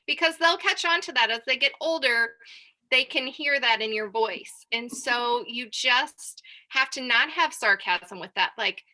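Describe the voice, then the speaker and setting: A woman's voice: high voice, measured pace, pushed and bright. A woman, a mother, giving a casual talk to parents, chatty with filler words. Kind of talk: casual presentation.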